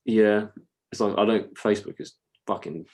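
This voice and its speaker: Bloke chatting on a podcast, lowish voice, rambly, keeps laughing mid-story. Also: male voice, fairly even intonation, moderate pace, darkish tone. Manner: rambling, laughs while telling stories, slips into silly voices. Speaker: podcast co-host. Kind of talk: casual chat.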